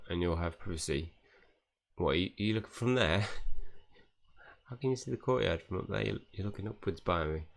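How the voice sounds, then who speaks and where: A young man commentates casually on a mobile game, with a very low and gravelly voice. He chats excitably between bits of story dialogue he reads aloud. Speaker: gaming YouTuber.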